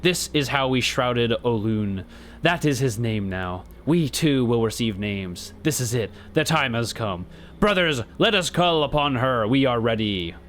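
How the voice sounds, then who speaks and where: A man's voice: mid-range voice, animated, unhurried, fairly bright tone, slight background noise. A man voicing a solemn male cult leader, preaching about death in a grave, archaic way, with faint game music behind. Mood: exalted. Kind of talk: reading game dialogue aloud.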